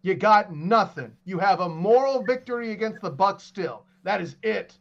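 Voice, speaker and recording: A man's voice: high-pitched, lively intonation, moderate pace, muffled recording. A man co-hosting a heated sports debate, sarcastic and needling toward the others. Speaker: sports talk co-host.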